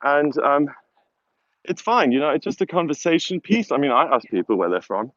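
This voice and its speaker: A man's voice: a little high, very animated, moderate pace, a bit bright, no echo. A man with a South African accent, chatting casually in a rambling, self-mocking way while live-streaming from a hilltop on a phone. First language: German. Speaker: vlogger. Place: outdoors on a hilltop. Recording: dull lo-fi phone audio with wind noise.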